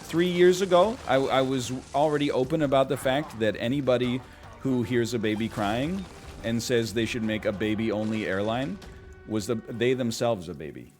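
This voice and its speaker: A man's voice: mid-range voice, normal speed, darkish tone, faint music behind. A man in his thirties chatting casually on a live stream while gaming, rambling and self-mocking with a wry tone.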